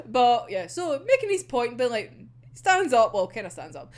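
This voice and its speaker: A young adult woman with a Scottish accent, chatting casually about an anime episode, laughing often and swearing freely. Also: on the high side. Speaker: anime reviewer.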